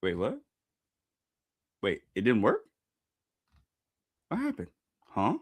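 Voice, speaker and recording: A man streaming a live reaction to a manga chapter, talking casually to his viewers and bursting into loud, repeated exclamations. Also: lowish voice, huge pitch swings, takes it slowly, slightly rough. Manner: casual slangy talk addressed to viewers.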